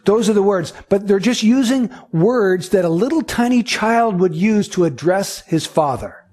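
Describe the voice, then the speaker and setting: Pastor, male, husky and high-pitched, earnest sermon delivery with repetitive emphasis. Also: animated, moderate pace, darkish tone.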